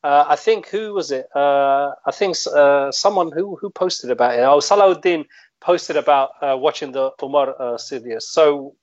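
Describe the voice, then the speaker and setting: Man, slightly high voice, hesitant and rambling, casual live-stream chat, muffled audio. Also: moderate pace, dry recording. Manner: rambling, hesitant, many fillers. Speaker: co-host.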